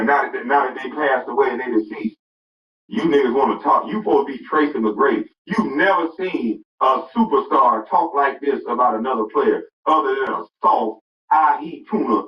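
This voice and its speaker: Man in a heated, mocking rant. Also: medium pitch. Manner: angry, mocking, repetitive insults. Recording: roomy, distant, dull sound.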